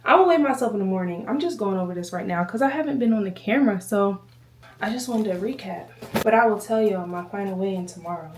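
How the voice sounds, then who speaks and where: This woman talks fast in a mid-range voice, with a little hiss or hum in the recording. Vlogging casually at home, she's slightly breathless, rambles, says y'all to her viewers, and sounds far from the mic in an echoey room.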